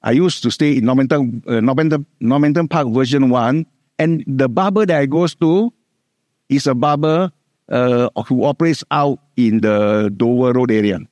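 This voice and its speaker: Preaching a sermon, a middle-aged Singaporean English speaker repeats important words and slows his delivery to emphasize scripture. The voice is mid-range with a darkish tone, recorded without any room sound.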